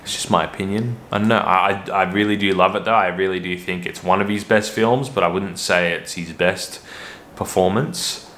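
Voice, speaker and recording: A man's voice: deep voice, fairly even intonation, normal speed, a bit bright. A man hosting a casual movie review vlog, rambling and hesitant with frequent restarts. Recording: roomy echo.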